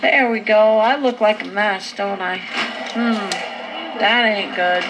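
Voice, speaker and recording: A woman's voice: mid-range voice, a bit bright. A medicated woman in a loopy, drowsy state, filming herself casually in her living room at night. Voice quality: slow, drawn-out, slightly slurred talk. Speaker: vlogger. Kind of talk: casual home video. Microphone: handheld camera. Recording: noisy home camcorder.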